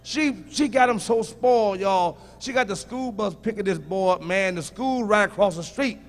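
A male stand-up comedian performing a profane set, teasing the audience and shouting punchlines at them. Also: sits high, moderate pace, a little hiss or hum.

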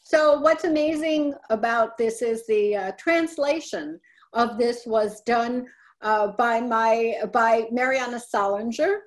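Middle-aged woman presenter, slightly high voice, casual webinar delivery with frequent self-corrections. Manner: conversational, often correcting herself. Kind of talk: webinar talk on family papers.

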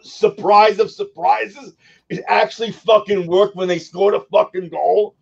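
A man's voice: sits high, steady tone, creaky, slightly rough, dull audio. A man in a casual podcast chat who rambles and stops and starts, making fun of himself and swearing. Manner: rambling, halting, self-deprecating, swears. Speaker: podcast co-host.

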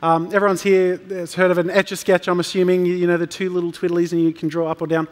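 A man's voice: high-pitched, little pitch movement, quick pace. Chatty, joking man on a panel. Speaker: artist, panel guest. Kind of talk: casual stage chat. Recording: reverberant conference hall.

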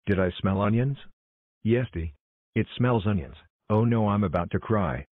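A man directing a homemade cartoon blooper video, exclamatory and hurried, calling out cuts and takes. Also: on the low side, no echo, phone-quality sound. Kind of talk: scripted fan cartoon narration.

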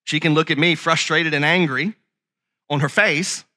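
A male pastor preaching a sermon with passion, asking his congregation questions and rising to shouts. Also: on the high side, steady tone, moderate pace.

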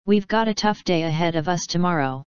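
A woman reading the part of an old male grasshopper who speaks slowly and scornfully. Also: a little mellow, smooth, dry recording, lo-fi sound, close to an everyday voice. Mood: scornful calm. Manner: deep, slow, scornful.

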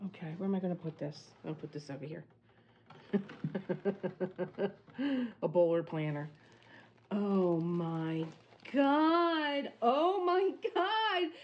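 A woman hosting a casual unboxing vlog at home, gushing and softly exclaiming as she talks into a phone on a tripod. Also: on the low side, fairly even intonation, slow, pauses often, dull audio, a little hiss or hum. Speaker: crafting channel host.

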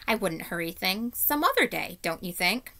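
A haughty, self-important male talking horse from a children's storybook, as a woman reading aloud puts him on. He speaks in a superior, fussy tone, raised a little above the reader's normal pitch, and hedges and puffs himself up. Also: big pitch swings, normal speed, bright, forceful tone. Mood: pompous. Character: vain, pompous male talking warhorse.

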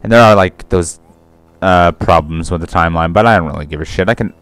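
A man's voice: sits low, fairly quick, fairly bright tone, clean tone, dry recording. Rambling, profane young gaming commentator man. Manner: rambling, profane, self-correcting. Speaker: let's play commentator. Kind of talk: casual rambling gameplay commentary.

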